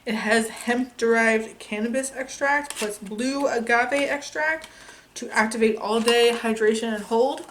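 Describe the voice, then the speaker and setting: A woman's voice: fairly high pitch, unhurried, fairly bright tone, a little hiss or hum. A young woman chatting casually as a beauty vlogger, enthusiastic and chatty, swearing now and then as she reviews products at home. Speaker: beauty youtuber. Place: home filming setup.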